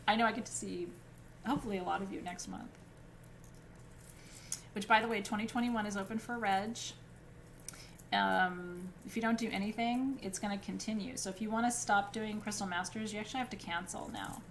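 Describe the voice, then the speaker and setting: A woman teaching a live class on crystals and chakras. She talks in an informal, chatty way, fills pauses with "um", keeps checking in with "right?", and laughs easily between points. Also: mid-range voice, vocal fry, fairly bright tone, slight background noise. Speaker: spiritual teacher.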